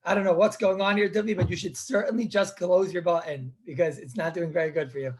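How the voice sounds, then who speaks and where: A man, a rabbi, teaching an informal live online class on Jewish law, talking conversationally, repeating words and often clearing his throat. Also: sits high, fairly even intonation, fast talker, a little mellow.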